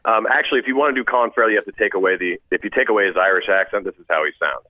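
A man from the Seattle area, a comedian guest chatting on a radio show, quick and jokey. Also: lowish voice, dry recording. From Seattle area, USA. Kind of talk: casual phone interview. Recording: tinny phone line.

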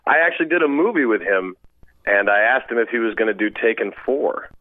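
A man from the Seattle area, a comedian guest chatting on a radio show, quick and jokey. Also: fairly low pitch, animated, dry recording. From Seattle area, USA. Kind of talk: casual phone interview. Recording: tinny phone line.

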